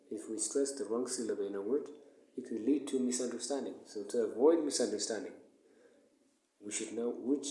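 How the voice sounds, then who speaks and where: Male English teacher, low and mellow, patient, repeats each word, roomy echo. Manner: explains slowly, repeats words and counts syllables aloud. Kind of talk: recorded online lesson. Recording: echoey room.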